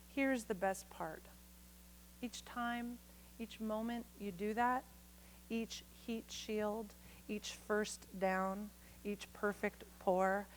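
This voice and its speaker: A woman's voice: mid-range voice, a little hiss or hum, poor audio. A woman poet reading her work on a conference stage, talking frankly with salty words and playful asides to the audience. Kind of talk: poetry reading with spoken asides.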